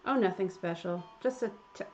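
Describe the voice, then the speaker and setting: A woman doing a fussy British gentleman botanist. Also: lowish voice, moderate pace, highs cut off, a little hiss or hum, close to an everyday voice. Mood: earnest, polite. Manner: formal, earnest and stammering. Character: polite, fussy young British male botanist.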